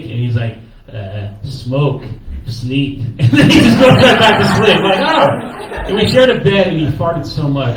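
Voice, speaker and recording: A man, a stand-up comedian, speaking at a memorial with a halting, stammering delivery, close to tears, on stage in a crowded cafe. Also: on the high side, distant mic, noisy background. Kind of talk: emotional memorial tribute. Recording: echoey room, taped from afar.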